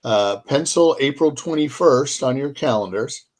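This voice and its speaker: A man hosting a show in casual chat, easygoing and hesitant, with many pauses and fillers. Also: medium pitch, expressive. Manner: easygoing, hesitant, lots of ums. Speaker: podcast host.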